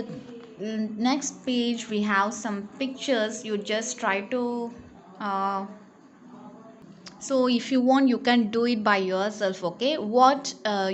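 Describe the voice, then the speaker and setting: A woman teacher, slowly reading word lists and example questions in a lesson. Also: medium pitch, slight background noise. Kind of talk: recorded online English lesson.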